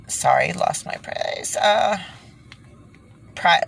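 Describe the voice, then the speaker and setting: A woman's voice: deep voice, expressive, a little slow, fairly bright tone. A woman ranting in online commentary and reading passages aloud, stumbling and restarting, foggy from being sick.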